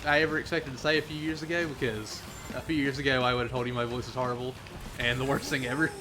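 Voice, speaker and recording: A man from the Southern United States chatting casually on a gaming livestream, rambling, answering chat and laughing often. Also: mid-range voice.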